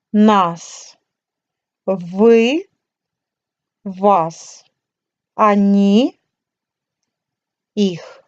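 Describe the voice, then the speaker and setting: A woman teacher giving a scripted language lesson, speaking slowly and carefully. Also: a little high, darkish tone, muffled recording. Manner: slow, careful, deliberate delivery.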